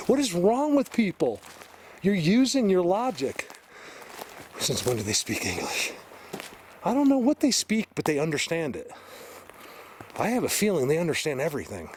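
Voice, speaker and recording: Excited man walking through a forest. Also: sits high, normal speed, long pauses, a little hiss or hum. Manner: excited, points things out to viewers. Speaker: vlogger exploring a forest. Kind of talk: casual walk-and-talk. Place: forest outdoors, hiking uphill.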